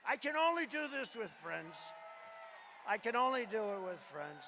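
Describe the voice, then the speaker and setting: A man's voice: sits high, big pitch swings, moderate pace, creaky, background noise. An older man giving a rambling, repetitive campaign rally speech with sarcastic asides. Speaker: political speaker at a rally. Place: large hangar rally venue. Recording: echoey hall from a distance.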